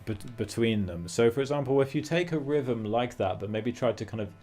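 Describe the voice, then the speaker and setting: A man's voice: medium pitch, fairly quick, dark tone. A man teaching a guitar lesson, explaining phrasing and singing rhythm syllables between his points. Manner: thinking aloud with fillers and restarts. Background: guitar playing.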